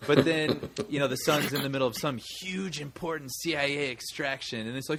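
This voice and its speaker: A playful man with a bright, tense edge to his voice, chatting on a podcast. He hams up his bits with silly voices and keeps the talk loose. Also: medium pitch, fairly quick, a little hiss or hum. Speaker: podcast co-host. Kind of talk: casual movie review chat.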